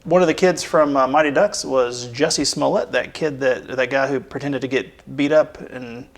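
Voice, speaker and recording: A man with a gravelly, creaky voice rambles through a relaxed podcast chat. He piles on fillers and restarts as he talks, loose and conversational. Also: medium pitch, moderate pace. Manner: rambling, chatty, with many fillers. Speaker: podcast co-host and producer. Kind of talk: casual chat.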